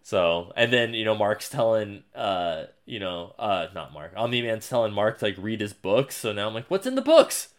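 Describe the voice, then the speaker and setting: A man co-hosting a casual podcast, recapping at ease and going loud and high when he quotes characters. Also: moderate pace, hardly any pauses. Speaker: podcast co-host. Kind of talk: casual chat.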